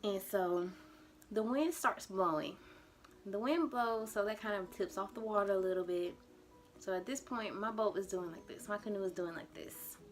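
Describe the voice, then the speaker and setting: A young woman vlogger telling a dramatic storytime to her camera, animated and acting out her own panic. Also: mid-range voice, moderate pace, soft background music. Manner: acts out her panicked past self in quotes. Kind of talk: storytime vlog.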